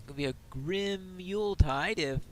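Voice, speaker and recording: A man's voice: sits high, a little slow, a little hiss or hum. A man giving casual gameplay commentary, chatting and explaining the game mechanics as he plays.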